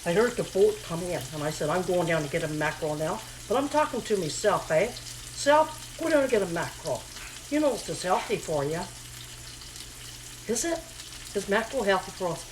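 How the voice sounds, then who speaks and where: A woman chatting casually as she cooks in her home kitchen, repeating her phrases and talking to herself in a slightly hushed voice. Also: expressive, fairly quick, slight background noise, poor audio. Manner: talking a little low and hushed. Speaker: home cooking vlogger. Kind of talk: casual cooking chat to camera. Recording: home kitchen recording, audible pan sizzle. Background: frying pan sizzling.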